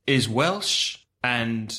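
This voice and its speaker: Man, co-host, asks questions, brief agreements, relaxed chat. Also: mid-range voice, extremely slow. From England. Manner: prompting questions, short agreements. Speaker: podcast co-host. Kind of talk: casual chat, asking questions.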